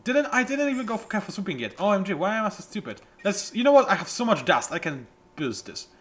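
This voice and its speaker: A man casually commentating a strategy game he is playing, animated and self-mocking, with bursts of excitement. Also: high-pitched, fast. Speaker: let's play host.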